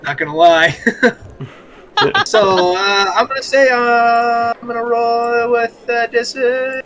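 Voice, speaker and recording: A man's voice: extremely high pitch, takes it slowly, noisy background. A man playing a tabletop role-playing game over a voice call, playful and jokey, laughing easily. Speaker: player. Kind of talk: casual tabletop game chat.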